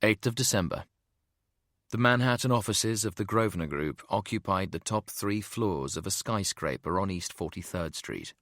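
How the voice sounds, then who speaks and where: Deep-voiced male audiobook narrator. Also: animated, normal speed, a bit bright, dry recording, clean studio sound. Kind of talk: scripted narration.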